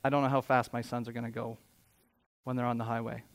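A man's voice: mid-range voice, level tone, fast, a little hiss or hum. A middle-aged man preaching a sermon in church, with a conversational yet emphatic style and many rhetorical questions. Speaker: pastor.

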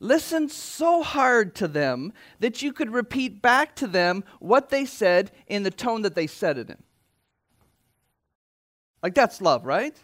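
Earnest male pastor preaching, fairly high voice. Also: sing-song, slow. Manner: earnest preaching, with quiet asides and lifted exhortations. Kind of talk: sermon. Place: church.

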